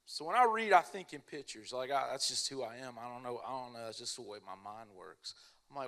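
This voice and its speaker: A young man preaching a casual, animated sermon, telling stories in an everyday way. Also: mid-range voice, a little fast. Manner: animated, casual storytelling with lots of "like".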